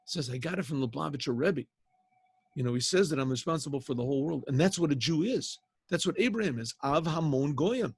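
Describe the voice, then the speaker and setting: A man's voice: on the high side, lively intonation, quick pace, creaky, darkish tone, breathy edge, no room sound. An older man, a rabbi, teaching a casual class, telling a story with quoted voices and mixing in Hebrew terms. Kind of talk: casual spoken Torah class. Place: online class over a video call.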